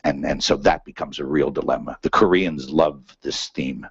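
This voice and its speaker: Very deep husky man lecturing. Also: fairly even intonation, normal speed, no room sound. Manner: conversational, many fillers and "right?" checks. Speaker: seminar speaker. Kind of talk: academic lecture. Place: seminar room. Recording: dull muffled lecture recording.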